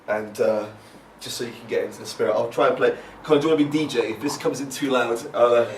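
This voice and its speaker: A man's voice: medium pitch, fast, recorded from a distance, soft background music. Playful man reading poems in an echoey room. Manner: playful, chatty, repetitive chant-like delivery. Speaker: performing poet. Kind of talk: live poetry reading.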